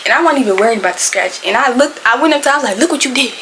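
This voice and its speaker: A young adult woman telling a storytime tale in casual slangy speech, loud and animated, acting out what people said. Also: a little high, rapid-fire, a little hiss or hum, low-quality recording. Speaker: storytime vlogger.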